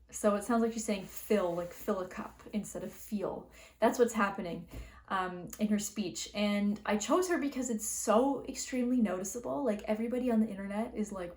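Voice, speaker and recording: A woman's voice: mid-range voice, a little slow, darkish tone, roomy sound. A young woman with a Canadian accent, hosting a casual explainer video and talking chattily with many fillers. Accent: Canadian English. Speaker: linguistics video host.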